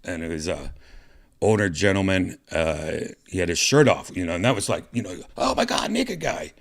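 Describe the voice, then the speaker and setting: Deep-voiced man rambling through a story. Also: moderate pace. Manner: rambling, profane, many fillers and restarts. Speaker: podcast host. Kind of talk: casual storytelling monologue.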